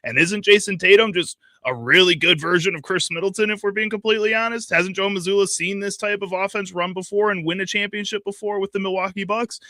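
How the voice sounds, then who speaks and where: Bright, blunt male sports radio voice. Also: sits high, fairly even intonation, fast talker, few pauses, no echo. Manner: blunt, argumentative rhetorical questions. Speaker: radio co-host.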